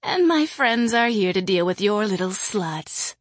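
A man voicing a cruel, mocking female supervillain in an audiobook, with a husky, taunting delivery. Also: high voice, animated, unhurried, no room sound, clean studio sound, voice pushed up. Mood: gloating. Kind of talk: audiobook character voice.

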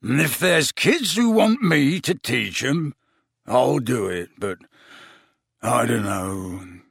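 Man voicing a big gruff rustic giant, slow and low, husky, audiobook. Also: very animated, pushed and bright, no echo, studio quality, full character voice. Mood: tearful. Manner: rustic dialect, slow and tearful. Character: huge grieving gruff half-giant groundskeeper.

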